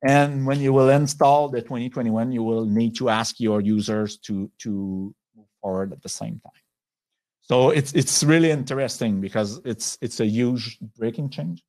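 A man with a French accent, a software company executive giving a webinar presentation, talking in a halting way with many pauses and restarts over a video call. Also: mid-range voice.

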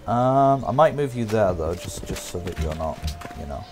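Excitable young man narrating his game. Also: lowish voice, normal speed, soft background music. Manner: talks to himself and viewers, hums, excitable outbursts. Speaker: gameplay commentator. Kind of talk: casual let's-play commentary.

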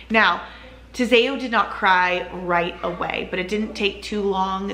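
A woman's voice: fairly low pitch, vocal fry, bright, forceful tone, echoey room, slight background noise. A woman vlogger casually telling her own story to camera, chatty and full of "like" and "you know".

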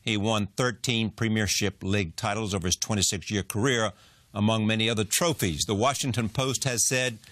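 A man's voice: on the low side, fairly even intonation, moderate pace, a bit bright, no echo, clean studio sound. A man hosting a television interview, reading a scripted introduction and then asking probing, conversational questions.

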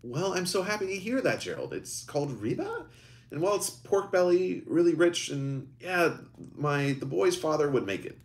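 A man playing a composed middle-aged mother in a storybook reading. She speaks softly in a raised voice, steady and restrained. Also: a little high, normal speed, voice pushed up. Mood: quiet.

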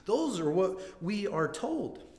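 A pastor preaching a sermon in an earnest, conversational way, often restarting and acting out heartfelt quotes. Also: male voice, high-pitched, very animated, slow pace, darkish tone. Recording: echoey room.

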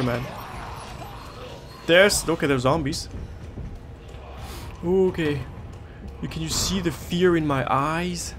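A man's voice: on the high side, takes it slowly, long pauses, fairly bright tone, slight background noise. A man giving jittery, swear-filled commentary while playing a horror game, repeating himself when scared. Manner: panicky, swearing, repeating himself under stress. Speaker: gaming YouTuber.

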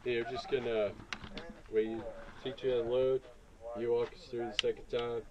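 A man working as an instructor at a shooting range, calmly explaining how the rifle gets cleaned and loaded. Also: mid-range voice, moderate pace. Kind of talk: casual instruction. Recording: dull audio with a crowd behind.

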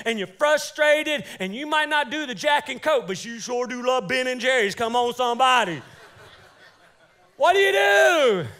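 A man preaching a lively, joking sermon in church as pastor, calling out for amens. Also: very high-pitched. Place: church sanctuary.

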